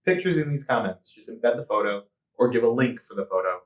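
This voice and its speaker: Man, interview host, jokey, swears casually, lively pitch, roomy echo. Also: a little fast. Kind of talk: casual chat. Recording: echoey room.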